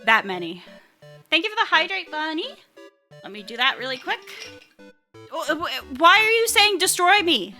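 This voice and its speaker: A woman's voice: sits high, big pitch swings, moderate pace, long pauses, pushed and bright, soft background music. A young woman streaming a playful, casual self-introduction at a desktop mic, giggling and chatting with her viewers. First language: English. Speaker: VTuber streamer.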